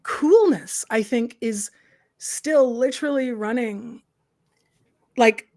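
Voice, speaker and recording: High-voiced, animated woman hosting a livestream. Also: slow pace. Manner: animated, opinionated, many "like" and "right?". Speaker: host, professor and counsellor. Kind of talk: casual livestream chat.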